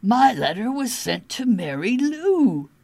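A woman's voice: a little high, sing-song, takes it slowly, creaky, a little mellow, no echo, pitched above the performer's own voice, full character voice. A woman voicing a flustered young man who protests indignantly in a raised voice. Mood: protesting.

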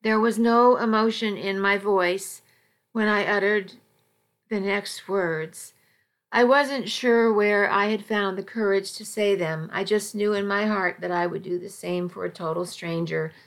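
A woman reading a first-person story aloud in a measured, even storytelling delivery. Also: mid-range voice. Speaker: audiobook narrator. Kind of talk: first-person scripted narration.

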